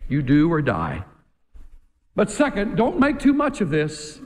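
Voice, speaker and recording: A man's voice: fairly high pitch, huge pitch swings, unhurried. A man preaching a sermon in an emphatic way, pressing his point with rhetorical questions. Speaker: pastor. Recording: echoey hall reverb.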